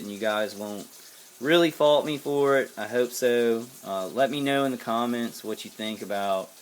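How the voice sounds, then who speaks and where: American male vlogger, low-pitched, angry and profane, rambling delivery full of fillers, faint background noise. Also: fairly bright tone. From United States. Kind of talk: casual to-camera monologue.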